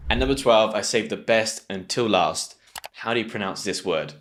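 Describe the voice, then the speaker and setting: A man with a British accent giving an online English pronunciation lesson, patient and clear, slowing down to drill each sound. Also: on the low side, fairly bright tone.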